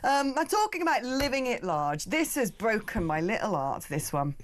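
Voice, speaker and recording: A woman's voice: on the high side, very animated, normal speed, a little hiss or hum. A woman from the of England, a radio guest chatting in a cheeky, opinionated, jokey way. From West Country of England. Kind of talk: casual opinionated studio chat. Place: radio studio.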